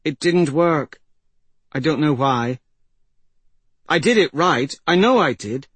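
A man's voice: a little high, expressive, slow pace, fairly bright tone, husky, dry recording, voice pushed up, exaggerated voice. A man voicing a frightened young woman who talks in an anxious, pleading rush. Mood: distressed.

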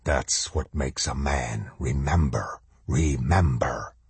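A man voicing a ghostly soldier who gives low, clipped commands. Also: slow pace, breathy edge, no room sound, heavily acted. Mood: menacing. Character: cold stern phantom soldier, harsh drill sergeant.

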